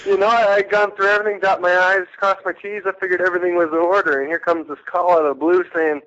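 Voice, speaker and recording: Canadian guy calling in, bright voice, stumbles a lot, phone-ish sound. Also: high-pitched, flat delivery. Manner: halting, many restarts, laughs. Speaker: guest on phone. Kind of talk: casual chat. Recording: telephone line.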